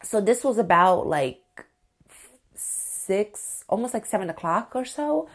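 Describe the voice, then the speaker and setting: A woman in her thirties telling a personal story to her viewers in a casual, excitable way, full of fillers and asides to her audience. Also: mid-range voice, slow pace. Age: 30s. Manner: excitable and chatty, full of "like" and "you guys". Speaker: vlogger.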